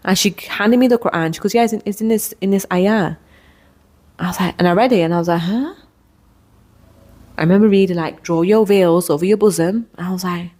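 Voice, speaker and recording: A young adult woman hosting a podcast, telling a personal story in an earnest, emotional way with quick restarts and repeated words. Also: on the low side, darkish tone. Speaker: podcast host.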